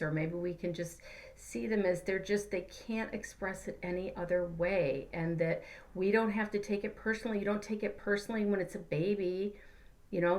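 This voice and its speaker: A woman's voice: fairly low pitch, a little mellow. A woman, a life coach and therapist, giving a casual spiritual teaching talk in an earnest, conversational way. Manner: earnest, conversational, acts out examples in her own voice.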